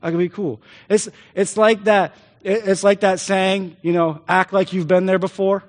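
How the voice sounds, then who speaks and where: A man preaching a sermon, telling stories animatedly and slipping into quick put-on voices. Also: high voice, level tone. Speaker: pastor. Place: church. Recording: church hall reverb.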